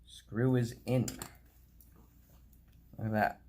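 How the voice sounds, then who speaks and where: A man's voice: fairly low pitch, steady tone, takes it slowly, slight background noise. A playful young man narrating a casual hobby video, chatting to himself and his model as he works and sometimes dropping to a whisper. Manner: drops into quiet whispers while doing fiddly work.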